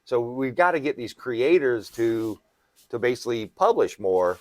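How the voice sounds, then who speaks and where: A man's voice: mid-range voice, sing-song, normal speed, a little mellow, dry recording. A man hosting a podcast as a comic shop retailer, explaining things at length in casual chat and often checking in with "right?".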